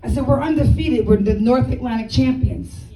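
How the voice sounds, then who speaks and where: High-voiced lady telling a story on stage, acts out the dialogue, laughs a lot, roomy hall, kinda far from the mic. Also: normal speed, a little hiss or hum. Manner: animated storyteller acting out dialogue, laughing often. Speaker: guest speaker. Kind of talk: motivational speech. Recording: echoey hall, speaker away from the mic.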